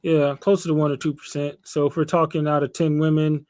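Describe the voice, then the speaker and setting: High-voiced, blunt, animated man. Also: a little fast. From California, United States. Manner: animated, blunt, opinionated, laughs often. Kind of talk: casual podcast discussion.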